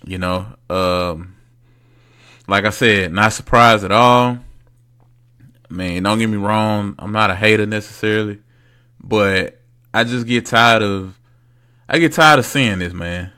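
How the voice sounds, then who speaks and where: A young man hosting a casual solo sports podcast, blunt, slangy and mocking, swinging between loud bursts and low asides. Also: measured pace, long pauses, clear, resonant tone. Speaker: podcast host.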